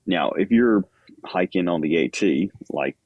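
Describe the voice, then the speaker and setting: A man's voice: sits low, lively intonation, a little slow, no room sound, dull audio. A man guest on a podcast, talking casually with lots of fillers and self-deprecating asides. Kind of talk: casual chat.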